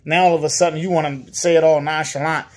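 A man's voice: fairly high pitch, little pitch movement, fast. A man with a Virginia accent, venting in a casual monologue about a bad dealer experience, repeating himself and acting out what others said. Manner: frustrated, repetitive, mimics others' lines. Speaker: customer complaining about a dealer.

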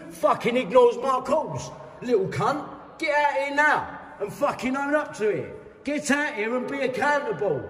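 A man's voice: very high-pitched, a bit bright. Man, London accent, heated profane rant, long hall reverb. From London, England. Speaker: vlogger filming a complaint. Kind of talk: angry confrontational rant. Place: hospital waiting area, indoors.

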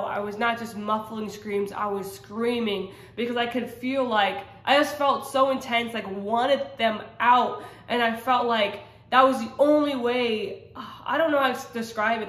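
A woman's voice: on the high side, measured pace, hardly any pauses, a bit bright. A woman sharing a personal faith testimony in casual, earnest talk, rambling with many fillers and restarts. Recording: roomy echo.

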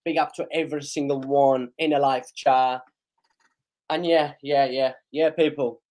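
A man hosting a live match reaction stream, slightly hoarse, excitable and shouting and chanting at big chances. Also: medium pitch, measured pace. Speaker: live stream host, fan of the team.

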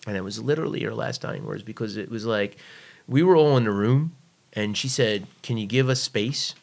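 A man's voice: on the low side, moderate pace, vocal fry, darkish tone. An American man, a former navy serviceman, telling blunt, profane stories as a podcast guest, acting out what people said. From United States. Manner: blunt, profane, emphatic, acts out quoted voices. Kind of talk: casual storytelling in a podcast interview.

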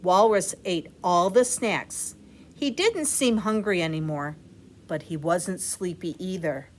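A woman reading a bedtime picture book aloud to children, adding gentle, chatty asides. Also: on the low side, slow pace, slight background noise. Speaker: storyteller, teacher.

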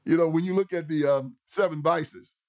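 A man's voice: a little high, moderate pace, darkish tone. A man hosting a political commentary show, delivering an emphatic, repetitive, sermon-like monologue. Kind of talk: preachy monologue.

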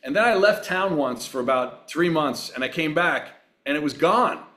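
A middle-aged man from Long Island telling wry, relaxed anecdotes as a guest in a casual interview. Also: on the high side, moderate pace. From Long Island, New York. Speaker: actor and racer, guest.

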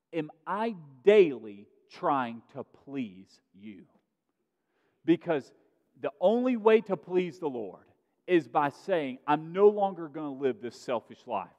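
A man preaching a sermon as pastor, earnest, pushing his voice up for emphasis and then dropping to a quiet tone. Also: high voice. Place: church sanctuary. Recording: muffled sound in a reverberant sanctuary.

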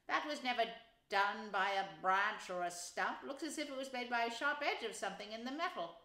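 A woman's voice: a little high, animated, fairly quick, sharp tone. Woman putting on an eager, bossy water rat. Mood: puzzled. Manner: bossy and eager, scolding his friend. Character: excitable, impatient male water rat. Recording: roomy echo.

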